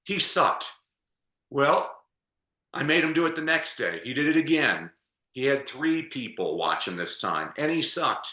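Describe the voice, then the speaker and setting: Bright-voiced chatty male podcast guest. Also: medium pitch, unhurried, reverberant. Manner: energetic, chatty storyteller who laughs often. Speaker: podcast guest, speaker and coach. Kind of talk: storytelling interview answer.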